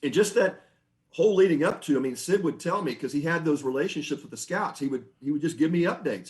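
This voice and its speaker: A middle-aged man, a former baseball pitcher, telling stories on a podcast in a relaxed, chatty way. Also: fast talker. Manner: relaxed, anecdotal, frequent restarts and laughs. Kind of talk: conversational storytelling.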